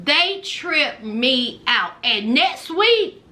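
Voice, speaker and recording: A woman, tipsy, recapping a reality show in a casual, animated storytelling way, acting out what people said. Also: sits high, extremely slow. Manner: animated storyteller, acts out quotes, laughs. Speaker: recap commentator.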